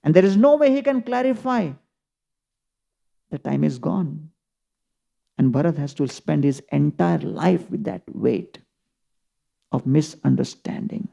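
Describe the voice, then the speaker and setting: A man's voice: on the high side, lively intonation, a little slow, vocal fry, long pauses, dark tone. A man giving a scripture class as a sermon, telling the story earnestly with emphatic rises. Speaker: preacher.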